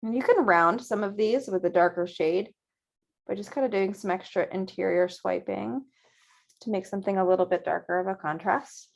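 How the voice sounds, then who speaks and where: A woman teaching a virtual painting class, guiding students gently step by step at a close mic. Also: mid-range voice, moderate pace, gravelly. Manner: gentle, encouraging step-by-step guidance. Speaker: painting instructor.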